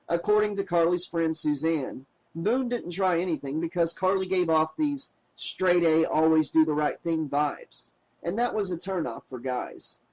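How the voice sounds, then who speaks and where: A man reading a novel aloud as an audiobook narrator, with expressive, wry storytelling. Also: a little high, poor audio.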